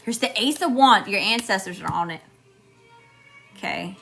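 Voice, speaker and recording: A woman's voice: medium pitch, expressive, normal speed, creaky, over loud music. A middle-aged woman with a Southern US accent, giving an emphatic live tarot reading straight to her viewers. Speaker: tarot reader.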